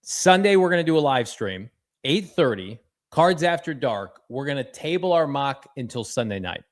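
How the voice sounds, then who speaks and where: A man's voice: medium pitch, big pitch swings, normal speed. A man co-hosting a casual sports podcast, talking energetically and reading fan messages aloud. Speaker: podcast co-host.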